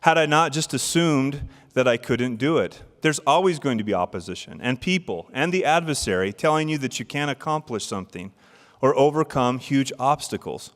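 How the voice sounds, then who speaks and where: Speaking at a moderate pace with lively intonation, this middle-aged man has a medium-pitched, fairly bright voice. He is a church speaker delivering a devotional address, weaving stories with rhetorical questions aimed at listeners, all in a long, reverberant hall.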